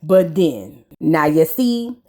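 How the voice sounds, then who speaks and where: Her voice is deep and darkish, sing-song, and slow as she hosts a laid-back reality TV reaction video. Gossipy and sassy, she throws out blunt roasts of the cast and addresses the listener as "girl."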